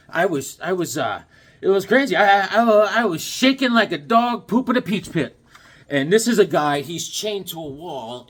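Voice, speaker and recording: Goofy middle-aged guy rambling bout his comics, husky voice, swoops up n down a lot. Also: fairly high pitch. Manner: goofy, joking, animated, acts out quick bits. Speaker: comic collector vlogger. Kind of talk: rambling casual vlog with jokes.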